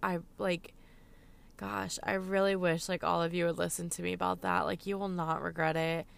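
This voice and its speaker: Chatty, emotional young woman vlogger, low and gravelly. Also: level tone, normal speed. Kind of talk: casual chat to viewers. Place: Los Angeles.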